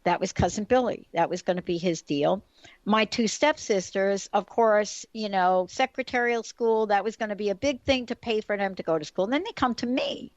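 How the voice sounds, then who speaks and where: A woman's voice: mid-range voice, moderate pace, no room sound. Chatty New woman radio host. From the Bronx, New York. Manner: chatty, animated storyteller with asides. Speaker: radio talk show host. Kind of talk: casual radio chat, storytelling. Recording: dull lo-fi radio recording.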